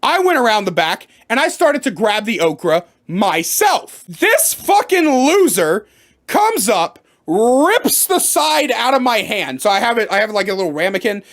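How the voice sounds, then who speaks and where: A storyteller recounting a workplace story in a storytime vlog, emphatic and profane. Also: mid-range voice. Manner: animated, profane, emphatic retelling.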